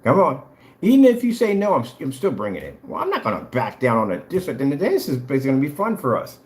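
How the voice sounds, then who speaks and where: A boastful, taunting man trash-talks his rivals in a vlog. His pitch swings up and down a lot. The sound echoes around the room. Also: huge pitch swings, fast talker. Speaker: vlogger selling paint products. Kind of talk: trash-talking challenge vlog.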